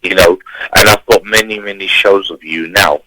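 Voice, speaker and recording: A man's voice: sits low, steady tone, moderate pace, bright, forceful tone, no room sound, low-quality recording. A man calling in to a community radio talk show, ranting emphatically and repeating himself. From Turkey. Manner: emphatic, repetitive, preachy. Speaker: caller. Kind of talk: impassioned phone-in rant.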